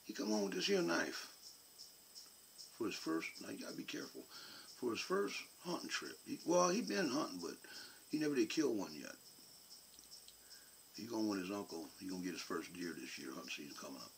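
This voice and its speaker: A man's voice: lowish voice, sing-song, a little fast, creaky, long pauses, slight background noise. A man telling a rambling, drawling folksy story as a video host. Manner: drawling, digressive, colloquial. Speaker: YouTube host.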